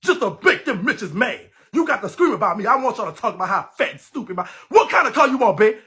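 Brash high-voiced New man ranting. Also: very animated, fast talker. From New Orleans, Louisiana. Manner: brash, loud, laughing, heavy cursing. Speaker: livestream host. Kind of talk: profane livestream rant. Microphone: phone livestream.

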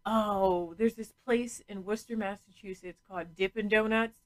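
A woman's voice: medium pitch, steady tone, normal speed, poor audio. A woman hosting a casual podcast, chatty and frank, laughing often and swearing freely. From New England. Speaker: podcast host.

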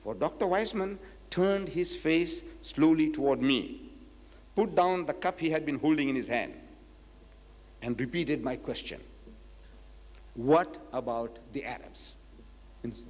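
A man's voice: a little high, measured pace, pauses often, darkish tone, big-room sound. A man giving a public lecture, reading quotes from a book and pressing his point with emphatic rhetorical questions. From South Africa. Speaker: Islamic lecturer.

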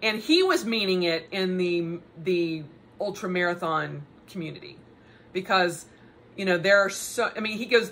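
A middle-aged woman telling a story in a chatty, animated way, with laughing asides. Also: mid-range voice, a little slow, a little hiss or hum. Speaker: podcast host. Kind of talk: casual personal monologue.

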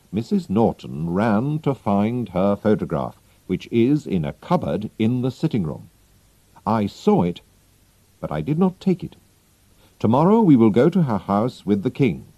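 A man voicing a clever, confident male detective in a storybook reading, explaining in a brisk, self-assured manner. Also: on the low side, dark tone, dry recording, muffled recording, exaggerated voice. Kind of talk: audiobook character reading.

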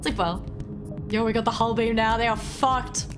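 A young Australian woman streaming a game live, excitable and quick to swear and laugh as she chats with her viewers. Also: on the high side, over music. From Melbourne, Australia. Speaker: livestreamer. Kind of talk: casual live game commentary.

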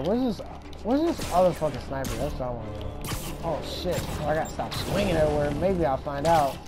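A young adult gamer talks through a session in loose, profane commentary, breaking into excited whoops and yells. The voice swings widely up and down in pitch. Game music plays loudly behind. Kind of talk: casual gameplay commentary. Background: video game music.

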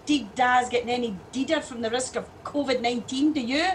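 A woman's voice: fairly high pitch, fairly quick, slight background noise, close to an everyday voice. A woman playing Heather, a cheeky Scottish taxi driver. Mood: mocking. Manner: teasing, laughing, loud. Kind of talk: audio drama acting.

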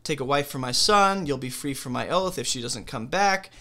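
A man with a bright, forward tone teaches from the Bible in a relaxed, conversational style, at medium pitch and normal speed. He reads passages aloud, then pauses to explain them and pose questions, checking in with the listener throughout.

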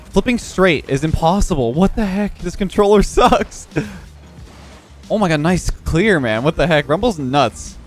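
Excitable young man commentating gameplay. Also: on the high side, moderate pace, faint music behind. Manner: excitable, laughing, frequent exclamations. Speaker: gaming YouTuber.

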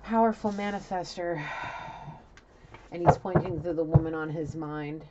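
A woman's voice: sits low, little pitch movement, fairly quick, dull audio, very noisy. A woman doing an intuitive reading, talking casually and emotionally and swearing freely. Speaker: intuitive reader.

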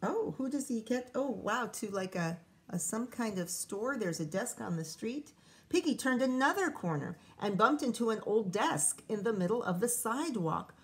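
A woman teacher reading a picture book aloud for children. Her voice is a bit higher than most women's. She keeps stopping to chat and ask the kids questions. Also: lively intonation, moderate pace. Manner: chatty, asks children questions. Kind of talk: storybook read-aloud for children.

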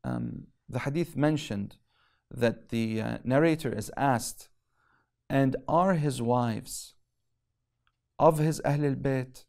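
Gravelly-voiced man teaching theology. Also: medium pitch, sing-song, darkish tone. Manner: recites Arabic fast, then explains in English with emphatic pauses. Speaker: religious lecturer. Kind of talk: theology lesson.

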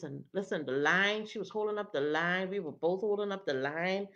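A woman speaks in a low voice, telling a personal testimony as a prophetess. She tells it vividly and acts out what others said. The recording sounds dull and lo-fi. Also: normal speed, hardly any pauses. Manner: animated, acts out the other people's lines. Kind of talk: testimony storytelling.

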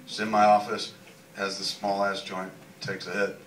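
A man's voice: lowish voice, monotone, moderate pace. A man hosting a live podcast show, telling a rambling, profane comic story on stage in a large cinema. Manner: laid-back, rambling, swears a lot. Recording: echoey hall recorded from far off, with crowd noise. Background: audience laughter and room noise.

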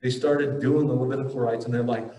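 A man speaking at a conference gives a casual, joking religious talk and fields audience questions, full of fillers and restarts. His mid-range voice is warm, a little fast, and fairly flat in pitch. The distant mic catches him from afar in a roomy hall, with a slight hiss or hum.

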